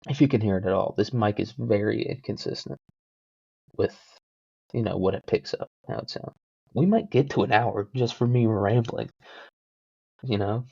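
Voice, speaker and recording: A man's voice: lowish voice, gravelly, dark tone, husky, dry recording. A man hosting a podcast who rambles casually and jokes, often putting himself down. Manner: joking, self-deprecating, full of fillers. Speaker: podcast host. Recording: dull lo-fi home mic.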